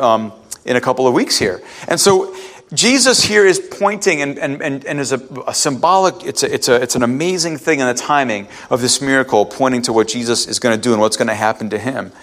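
A man's voice: mid-range voice, a bit bright. A man preaching a sermon, reading scripture aloud and restarting his sentences as he explains it. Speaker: pastor.

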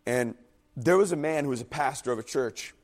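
A man preaching a sermon in an earnest, emphatic way, and his voice at times falters and turns quiet and husky. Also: medium pitch, fairly quick. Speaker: pastor.

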